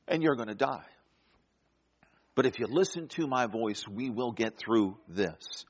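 A man preaching a sermon, swinging between loud, emphatic lines and hushed, quiet ones. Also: mid-range voice, lively intonation, a little slow, pauses often, slightly rough, dull audio.

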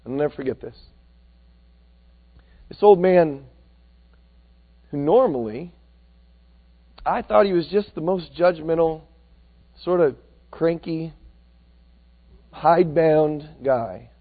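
A man preaching a sermon that is full of stories, animated, swinging between loud and hushed. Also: on the high side, takes it slowly, long pauses. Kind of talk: sermon with storytelling. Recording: tinny phone-like sound.

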